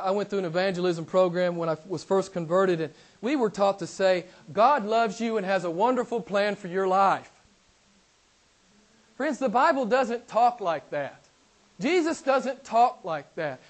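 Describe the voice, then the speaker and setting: Man, pastor, sermon, high voice, emphatic, repeats phrases, loud then quiet. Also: expressive, normal speed. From United States. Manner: emphatic, repeats key phrases, swings between loud and soft; addresses listeners as beloved, asks them questions.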